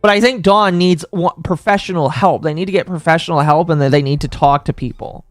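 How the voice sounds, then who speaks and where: A man's voice: on the high side, brisk, no echo, studio quality, soft background music. A man hosting a live stream in a casual rant, heated and swearing, with frequent stammers and restarts. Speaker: stream host.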